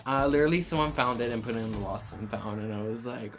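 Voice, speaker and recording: A young man casually telling a dramatic high school story, cursing often and saying "like" constantly. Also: fairly even intonation, quick pace, hardly any pauses. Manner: casual, profane, dramatic, heavy filler use. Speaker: YouTuber. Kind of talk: storytime vlog.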